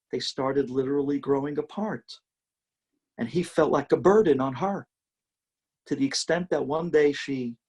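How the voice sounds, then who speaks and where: Brief: rabbi storyteller, husky and a bit high, dramatic delivery. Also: male voice, darkish tone. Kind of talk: sermon storytelling.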